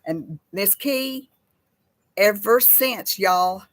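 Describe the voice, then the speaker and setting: An older woman chatting casually with live viewers in a slow, folksy way. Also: mid-range voice, expressive, fairly bright tone. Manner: slow folksy talk, baby voice to her pets. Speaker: host of a live chat with viewers. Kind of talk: casual live-stream chat reading viewer comments.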